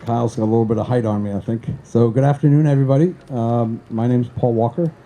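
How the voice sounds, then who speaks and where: An older man from the Boston area gives a conference talk at a stand microphone in a lecture hall, his Boston accent clear and his speech full of fillers and restarts. He talks fast at a medium pitch with a mellow tone. The recording is muffled, with a roomy hall sound and faint ambience.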